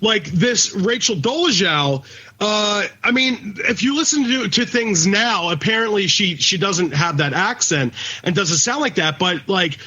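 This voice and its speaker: Man, bright tense voice, blunt profane rant, casual podcast chat, dull lo-fi sound. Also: sits high, expressive, a little slow, breathy edge. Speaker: podcast co-host. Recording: dull lo-fi recording.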